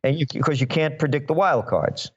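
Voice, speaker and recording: A man from New York talks in an emphatic, sarcastic way as a podcast guest. His voice sits a little high and comes through a dull, muffled lo-fi line. He slips into mocking voices to make his points. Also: normal speed. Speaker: guest forecaster. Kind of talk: opinionated podcast interview.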